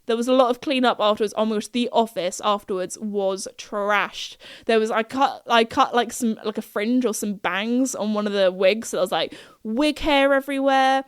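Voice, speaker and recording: A young woman hosts her podcast with a chatty, giggly storytelling manner full of fillers. Her voice sits a little high and comes through smooth and clear, recorded close and dry. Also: moderate pace, no echo. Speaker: podcast host. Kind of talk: casual chat.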